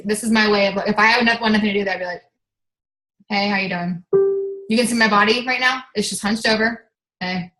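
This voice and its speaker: A woman coaching her fitness team on a motivational call, with a bright, ringing voice pitched a little high. She talks in an energetic, chatty way, full of "like" and casual swearing. The sound bounces around an echoey room.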